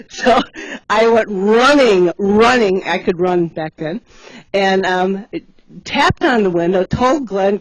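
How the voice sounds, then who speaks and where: A woman's voice: mid-range voice, unhurried, rough recording. A woman who cares for bears, telling stories in a casual, chatty way with many fillers and laughs. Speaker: bear sanctuary caretaker telling stories. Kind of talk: casual storytelling on a livestream.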